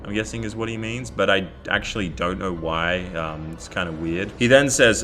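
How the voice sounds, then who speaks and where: A man's voice: lowish voice, moderate pace, hardly any pauses, a bit bright, soft background music. An Australian man telling a story in a casual vlog, bemused as he recounts chat messages. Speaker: YouTuber.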